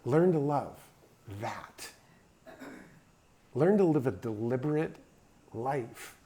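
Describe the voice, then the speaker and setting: A man's voice: medium pitch, lively intonation, slow pace, dark tone. A middle-aged man speaking at an event in a hangar, telling a folksy, emphatic story in a drawling manner. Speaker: guest speaker. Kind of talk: storytelling talk.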